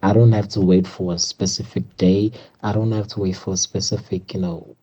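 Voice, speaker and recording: A South African man sending an earnest voice note, halting and restarting as he talks. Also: deep voice, level tone, mellow. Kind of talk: recorded voice note. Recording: dull lo-fi voice note.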